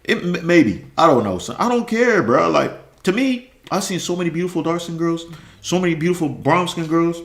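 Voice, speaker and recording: A man's voice: a little high, lively intonation, moderate pace, roomy sound. A man ranting in casual slang on a stream, repeating himself and laughing often. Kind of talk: casual rant.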